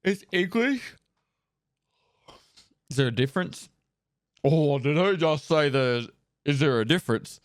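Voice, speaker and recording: During a casual live stream, a man with a medium-pitched voice reels off viewer names and thanks in quick bursts, joking loosely and dropping the odd swear. He uses a close desk microphone, and there's no room sound.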